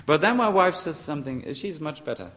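A man's voice: on the high side, a bit bright, in a large hall. A man preaching a sermon, emphatic and repeating short phrases, now and then searching for the right English word.

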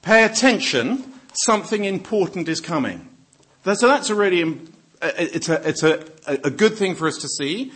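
A man preaching a sermon, his voice a little husky and pitched slightly high. He jokes with the congregation and asks them questions, often breaking off mid-sentence to start again. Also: normal speed. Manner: lively, joking, breaks off and restarts.

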